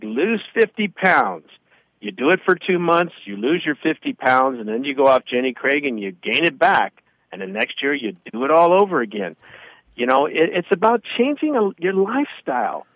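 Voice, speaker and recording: A man in his fifties talks on radio, animating his stories with quick back-and-forth voices. His voice sits a bit high. The sound is dry and close but somewhat dull and muffled. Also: no room sound. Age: 50s. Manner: animated storyteller, acts out both sides of anecdotes. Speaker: radio show co-host. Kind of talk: casual radio talk.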